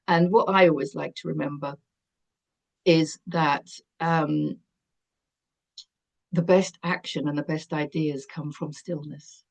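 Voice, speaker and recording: A woman giving a spiritual tarot reading, speaking gently and calmly, often laughing softly. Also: low voice, takes it slowly, long pauses, highs cut off. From United Kingdom. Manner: soft, gentle, breathy calming guidance with frequent laughs. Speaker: tarot reader.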